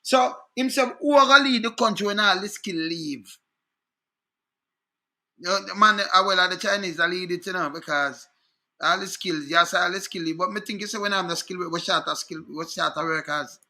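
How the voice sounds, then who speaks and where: A Jamaican man with a high voice and a very bright, sharp tone rants about politics. He is indignant and talks to his listeners directly, checking in with them again and again. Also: fairly quick. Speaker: online commentator. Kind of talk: animated political rant.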